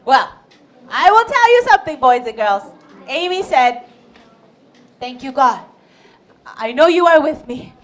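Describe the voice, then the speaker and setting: A woman narrates a Bible story for children in a bright, high voice that swoops widely. She speaks slowly and expressively, stopping often to ask her listeners questions. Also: sing-song.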